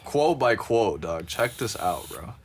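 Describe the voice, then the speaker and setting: A man's voice: lowish voice, sing-song, slow pace, a little hiss or hum. A man co-hosting a podcast in casual chat, cursing freely and reading quotes aloud with a laid-back, amused delivery. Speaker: podcast co-host.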